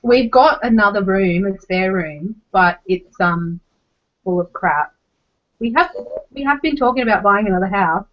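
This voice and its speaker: A woman's voice: mid-range voice, measured pace. Chatty Australian woman, muffled lo-fi sound. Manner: chatty, exasperated, swears casually. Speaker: podcast co-host. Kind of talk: casual chat. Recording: slightly muffled lo-fi audio.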